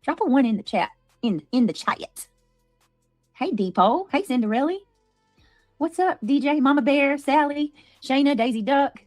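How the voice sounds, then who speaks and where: A woman hosting a casual livestream, greeting viewers by name and cheering gifts with excited squeals. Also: a little high, dry recording, studio quality. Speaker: livestream host.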